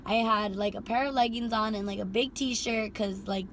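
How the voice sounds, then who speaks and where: A young woman casually telling a storytime about her driving job, animated, swearing freely and filling with "like". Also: fairly high pitch, normal speed, a little hiss or hum. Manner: animated, heavy swearing and filler "like". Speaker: rideshare driver and vlogger.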